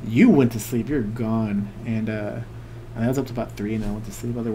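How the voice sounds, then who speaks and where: A man's voice: fairly low pitch, fairly even intonation, fast talker, dark tone, a little hiss or hum. A man co-hosting a casual podcast, rambling through a story, acting out quotes and laughing often. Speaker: podcast co-host. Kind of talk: casual chat.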